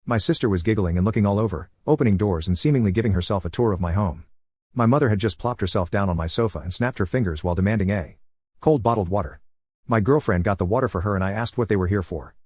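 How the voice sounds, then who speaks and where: Man, lower register, slightly breathy, fast steady storyteller read, dry close booth sound. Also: no room sound. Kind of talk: reading a first-person online story.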